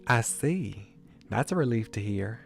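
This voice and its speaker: A man's voice: fairly low pitch, lively intonation, unhurried, vocal fry, faint music behind. A man voicing a shy, reserved young man with an upland Southern American accent.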